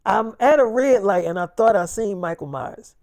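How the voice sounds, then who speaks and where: A woman's voice: medium pitch, animated, normal speed, gravelly, darkish tone, dry recording, studio quality. A woman improvising a profane first-person story, speaking bluntly as a male character.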